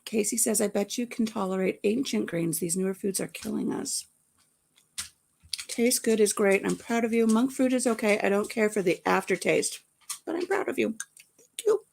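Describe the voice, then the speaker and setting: A woman's voice: medium pitch, normal speed, creaky, a little mellow, a little hiss or hum. A woman hosting a casual livestream, chatting in a rambling way and greeting viewers by name. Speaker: vlog host.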